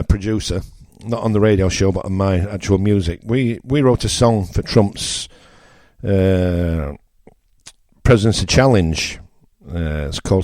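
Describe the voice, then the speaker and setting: A man's voice: on the low side, darkish tone, dry recording, studio quality. A man from northern England with a northern English accent, hosting a radio show and delivering a blunt, opinionated political rant with emphatic repetition.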